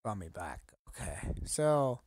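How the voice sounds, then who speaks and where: A man in a casual collecting vlog, talking haltingly and getting choked up, rambling with many fillers. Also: fairly low pitch, sing-song, darkish tone, no echo, clean studio sound. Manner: halting, emotional, choked up at times. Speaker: collector vlogger.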